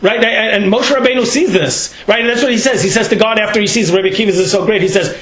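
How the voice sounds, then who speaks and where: A man's voice: high voice, fast, fairly bright tone, roomy sound, poor audio. A man giving a Torah lecture, talking in a loose conversational way and often checking in with "right?" and "you know". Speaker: rabbi teaching a class.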